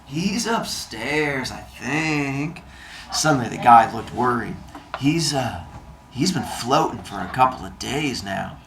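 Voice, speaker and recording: A man's voice: mid-range voice, lively intonation, slow pace. A man voicing a laid-back young male hippie who drawls his slang, while reading a story aloud. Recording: roomy room with faint noise.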